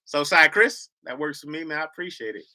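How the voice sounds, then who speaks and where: A man's voice: a little high, lively intonation, a little fast, bright, forceful tone. A man with a Michigan accent hosting a livestream, chatting casually in a slangy, rambling way and laughing often. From Lansing, Michigan, US. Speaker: livestream host.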